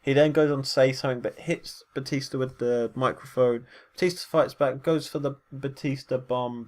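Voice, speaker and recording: A man's voice: mid-range voice, a little mellow. Rambling man recapping matches. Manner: rambling, filler-heavy, self-correcting. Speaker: wrestling show reviewer. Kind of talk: casual recap commentary.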